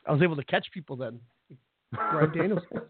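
A man co-hosting a podcast in casual chat, laughing often and telling animated stories. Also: fairly high pitch, brisk, slightly rough, no echo. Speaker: podcast co-host. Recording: tinny phone line, dry.

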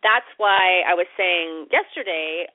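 A woman's voice: on the low side, takes it slowly, no room sound, phone-quality sound. A woman hosting a spiritual self-help podcast, talking casually and chattily, laughing often and slipping into playful dramatic asides. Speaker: podcast host.

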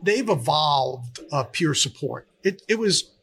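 A middle-aged man speaks as a guest at a live conference podcast. His voice sits a little high and has a gravelly edge, and he talks earnestly, stopping and restarting his sentences as he goes. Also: lively intonation, a bit bright. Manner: earnest, halting with many restarts. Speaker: guest, fire service counselor. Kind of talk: candid conversational interview.

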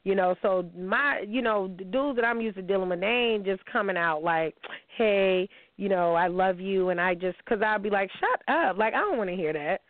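A woman's voice: medium pitch, normal speed, dry recording. A woman hosting a casual call-in show, blunt and profane. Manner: blunt, profane, animated storytelling. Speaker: podcast host. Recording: tinny phone-line sound.

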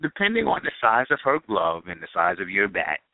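A man's voice: on the low side, wildly swooping pitch, brisk, crowd noise. A man co-hosting a radio talk show, joking and teasing in casual banter. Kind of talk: casual chat. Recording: dry phone-line sound.

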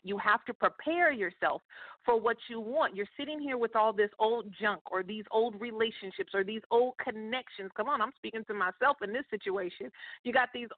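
A woman's voice: on the high side, dry recording. Chatty motivational woman on a tinny line. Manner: chatty, preachy, addresses listeners directly. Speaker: podcast host and success coach. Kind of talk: casual motivational talk. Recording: tinny phone-like line, dry.

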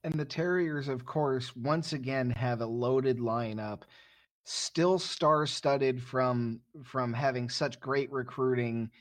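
A man chatting about hockey as a guest analyst, with a light, playful manner. His voice sits at an ordinary middle pitch. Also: slow pace. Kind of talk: casual hockey chat.

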